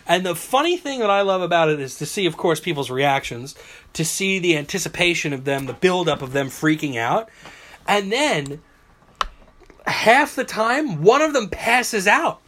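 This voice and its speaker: A man hosts a loose, chatty podcast, recorded on a phone. He tells stories with high energy and acts out the reactions. His voice sits high and swings widely in pitch. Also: normal speed, slight background noise. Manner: animated storyteller, acts out reactions and screams. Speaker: podcast host. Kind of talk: casual chat.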